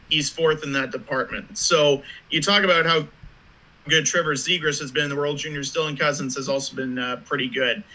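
A man's voice: a little high, bright, forceful tone, low-quality recording. A man co-hosting a casual sports podcast, reeling off statistics and facts. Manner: fact-driven, quotes stats, acts out reactions. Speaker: podcast co-host.

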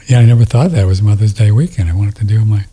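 A man's voice: lowish voice, warm tone, slightly rough. A man telling a story in a casual chat on a studio mic, rambling, emotional and tender, often laughing.

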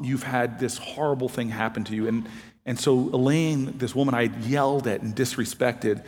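Man telling a story in a reverberant hall. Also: fairly low pitch. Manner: animated anecdotal storytelling, acting out both sides of dialogue. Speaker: author and former city politician. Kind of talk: storytelling talk.

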